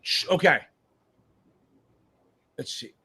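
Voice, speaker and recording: A man hosting a live exam-prep Q&A stream, chatting casually, swearing freely, hyping up viewers and thinking aloud as he reads comments. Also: slow pace. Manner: animated, profane, hypes up viewers; scattered, thinks aloud while reading comments. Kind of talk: casual livestream chat.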